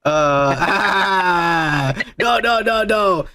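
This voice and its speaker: A man's voice: high voice, lively intonation, extremely slow, pushed and bright. A man hosting a podcast, telling a crude, rambling story full of swearing and "uh" fillers. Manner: rambling, profane storytelling with frequent "uh". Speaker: podcast host. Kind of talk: crude casual chat.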